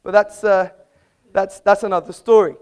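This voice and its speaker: A man's voice: sits high, level tone, moderate pace, darkish tone, clear, resonant tone. A man making an assertive speech in a live public debate in an auditorium, quipping at the audience and quoting from books. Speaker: debate speaker.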